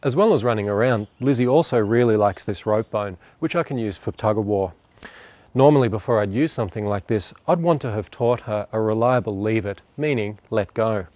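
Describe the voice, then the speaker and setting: A man working as a dog trainer, calmly explaining a training demonstration while crouched beside a dog. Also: lowish voice, a little fast, no echo. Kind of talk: instructional demonstration.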